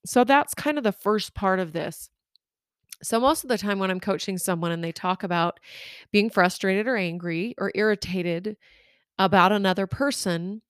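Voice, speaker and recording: A woman coach talks listeners through everyday relationship advice in a relaxed, conversational tone. Her delivery is expressive and candid, speaking straight to the audience, with a mid-range voice. The sound is dry and close, with no room echo. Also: mid-range voice, clear, resonant tone. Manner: expressive, candid storytelling with direct address to listeners. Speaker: life coach and podcast host.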